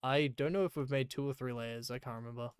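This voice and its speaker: A man's voice: medium pitch, fairly even intonation, quick pace, slight background noise. A man chatting casually and rambling while playing a game on a live stream, with many fillers.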